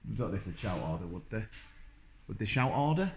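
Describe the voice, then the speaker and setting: A man's voice: lowish voice, very animated, a little fast, noisy background. A man, chatting wryly and self-mockingly as he films a walk-through tour. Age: 30s. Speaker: vlogger touring a building. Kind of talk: casual walk-through commentary. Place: large empty indoor building.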